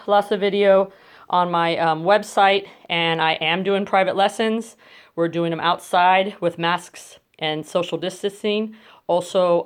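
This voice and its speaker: In a clear, resonant, lowish voice, a woman gives a step-by-step crate training demonstration from her bedroom at home, breaking off to coax and praise her dogs. It was captured on a phone camera.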